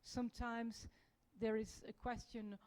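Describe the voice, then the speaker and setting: A woman's voice: on the high side, level tone, measured pace, a little mellow, low-quality recording. A woman with a French accent speaking as an EU diplomat on a panel, hesitant, with many fillers and restarts. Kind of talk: panel discussion.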